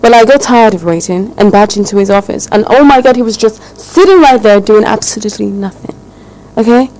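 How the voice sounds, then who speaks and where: A woman's voice: medium pitch, lively intonation, a little fast, darkish tone, lightly acted, rough recording. An actress playing a spoiled young woman who complains indignantly about her neglectful fiance. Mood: aggrieved. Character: spoiled, wounded young woman, a rich man's daughter. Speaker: jilted fiancee.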